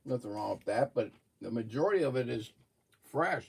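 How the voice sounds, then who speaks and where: A man's voice: mid-range voice, animated, normal speed, creaky, darkish tone, husky. A man hosting a casual livestream, chatting with viewers while eating and talking with his mouth full. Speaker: livestream host.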